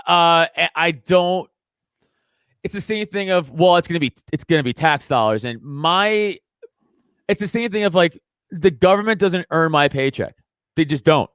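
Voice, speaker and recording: A man's voice: fairly high pitch, normal speed, fairly bright tone, clean tone, no room sound. A man, a comedian guest on a podcast, arguing his views in casual chat, emphatic and full of swearing. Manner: emphatic, profane ranting.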